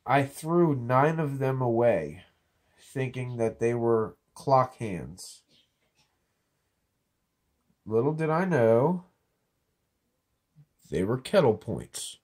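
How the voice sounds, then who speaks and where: A man's voice: medium pitch, animated, drawn-out words, pauses often, darkish tone. Laid-back man vlogging with a cold. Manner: laid-back, joking, slightly rambling. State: has a cold, clearing throat. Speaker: metal detecting vlogger. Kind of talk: casual show-and-tell. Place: indoors in an office.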